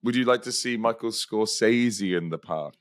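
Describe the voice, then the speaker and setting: A man's voice: lowish voice, dry recording, clean studio sound. A man co-hosting a podcast, casually chatting and prompting the others with playful questions. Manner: prompting questions, quick laughs. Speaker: podcast co-host. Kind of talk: casual chat.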